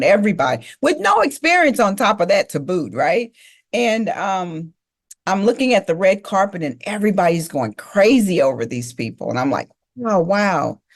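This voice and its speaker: A middle-aged woman giving a motivational speech, telling her life story emphatically and speaking straight to the audience. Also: medium pitch. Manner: emphatic, repeats key phrases, addresses audience directly.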